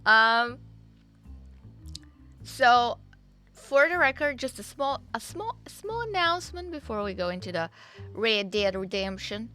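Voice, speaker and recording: A young woman streams live, chatting casually and rambling to her viewers with filler words and the odd swear, over faint game music. Her slightly high voice is very animated, bright, and forceful, yet she keeps a measured pace with long pauses.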